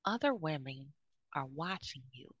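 A woman's voice: deep voice, animated, a little slow, breathy edge, dry recording, muffled recording. A woman in her fifties giving blunt, outspoken advice to other women, often checking in with "okay?". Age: 50s. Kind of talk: frank advice monologue.

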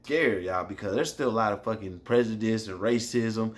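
A man telling a personal story in a casual vlog, animated and profane, often turning to address his listeners directly. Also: medium pitch, normal speed.

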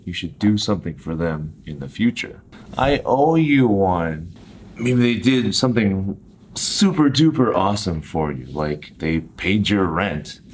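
American guy teaching english phrases, really low voice, slow careful delivery, acts out the examples, faint room hum behind. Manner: clear, deliberate, acts out example lines.

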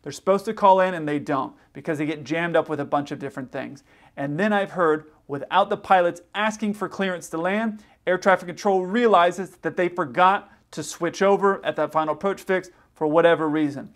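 A man's voice: a little high, fairly quick, a bit bright. A man hosting an aviation video, giving casual, plain-spoken advice and commentary. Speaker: pilot and aviation YouTuber. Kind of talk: commentary on radio clips.

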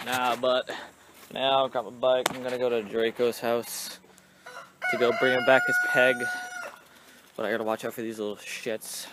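A man's voice: flat delivery, normal speed, long pauses, a little hiss or hum. A young man talking casually to the camera in a vlog, with playful joking asides. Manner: playful, yells silly catchphrases in a high voice. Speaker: vlogger.

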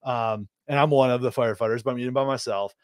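A young man co-hosting a podcast tells a casual, rambling story. His voice sits at a middle pitch. The sound is dry and close, with no room around it. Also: fast talker, no room sound. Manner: rambling, animated, exasperated asides. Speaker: podcast co-host.

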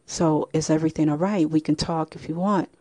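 Distressed, pleading mother, low and mellow, read by a woman storyteller. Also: steady tone, brisk, no room sound. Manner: bewildered, pleading questions. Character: distressed mother pleading with her grown daughter.

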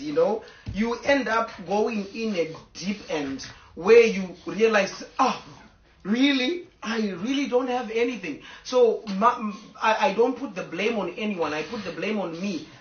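Live-streaming from home beside a fireplace, a woman known on social media rambles emotionally and casually to her fans, occasionally breaking off to scold her dogs into sitting. Her medium-pitched voice is expressive and unhurried. The audio is reverberant, dull and captured far from the mic.

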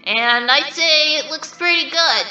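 A woman's voice: sits high, measured pace, sharp tone, roomy sound, far from the mic, muffled recording, faint music behind, exaggerated voice. A woman voicing a vain, mischievous male triangle dream demon who reacts to fan art in a smug, theatrical, mock-offended way.

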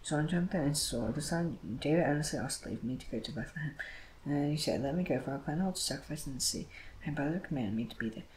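A man reading scripture aloud, moving quickly and often stumbling over words and starting lines again. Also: on the high side, lively intonation, a little mellow, a little hiss or hum, low-quality recording. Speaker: Bible reader.

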